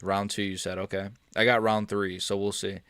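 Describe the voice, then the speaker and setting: A young man reacting live to fights on a stream, excitable and swearing, swinging from mumbling asides to yelling. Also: lowish voice, normal speed, gravelly, smooth, dry recording.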